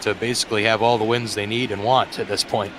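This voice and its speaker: A man doing casual play-by-play commentary for a baseball game, relaxed and chatty, with many fillers and restarts. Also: fairly low pitch, fast talker, background noise. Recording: music clearly in the background.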